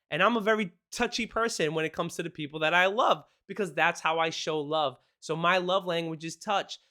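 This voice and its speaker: Male host, high and bright, eager fast talker who laughs between points. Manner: excited, fast-talking, laughs often. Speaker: podcast host. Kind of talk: casual marriage advice talk.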